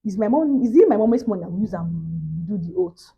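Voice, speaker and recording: A young woman with a Nigerian English accent tells a story to her viewers in a casual vlog, swinging between loud exclamations and hushed asides. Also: mid-range voice, lively intonation, fairly quick, vocal fry, phone-quality sound. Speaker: vlogger.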